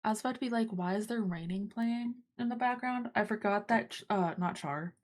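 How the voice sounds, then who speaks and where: Relaxed young woman chatting on stream. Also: mid-range voice, brisk. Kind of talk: casual chat.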